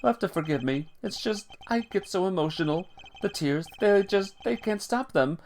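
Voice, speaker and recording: A man's voice: sits high, lively intonation, normal speed, a little mellow, a little hiss or hum, pitched above the performer's own voice. A man voicing a sentimental old man who sniffles and sobs between lines. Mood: weepy. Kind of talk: reading game dialogue aloud.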